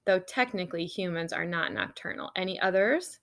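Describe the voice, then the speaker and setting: A woman reading as a stern, quiet older teacher. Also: fairly low pitch, a little fast, vocal fry. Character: strict soft-spoken older female teacher.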